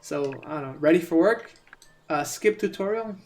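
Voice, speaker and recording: A man streaming a video game, talking casually and rambling, repeating words and breaking into excitable outbursts. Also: a little high, normal speed, faint music behind. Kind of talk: casual let's-play commentary.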